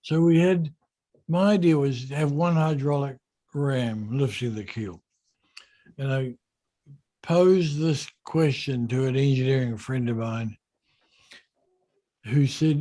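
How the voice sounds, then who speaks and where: A man, a yacht designer in an interview, telling a story in a relaxed, unhurried and self-deprecating way. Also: medium pitch.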